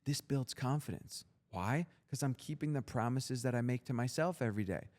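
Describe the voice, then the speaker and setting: A man's voice: mid-range voice, moderate pace, a little mellow. A young man as a podcast guest, telling his story in a blunt, profane, intense motivational way. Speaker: guest entrepreneur.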